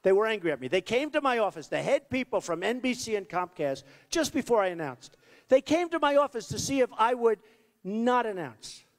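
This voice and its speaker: A man on stage at a campaign rally, talking off the cuff in a rambling, boastful way that keeps circling back on itself. His voice sits fairly high and swings up and down a lot. It rings out with the long reverb of a big hall. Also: sing-song, a little fast. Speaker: political candidate. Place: large rally venue.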